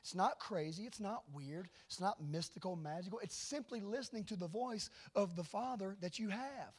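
A middle-aged man preaching a sermon and telling stories, swinging from hushed asides to loud declarations. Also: sits high, normal speed, breathy edge. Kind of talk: sermon with storytelling.

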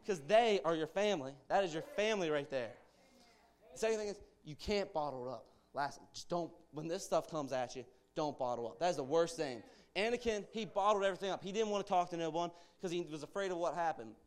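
A young man giving an informal, earnest church sermon as a guest speaker, urging his listeners on with conversational asides. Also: fairly high pitch.

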